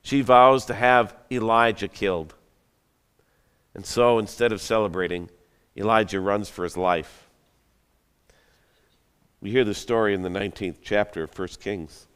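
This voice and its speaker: A man's voice: fairly low pitch, unhurried, long pauses, fairly bright tone, clean tone. A man preaching a sermon, retelling a story in a conversational, dramatic way with joking asides. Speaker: pastor. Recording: long hall reverb.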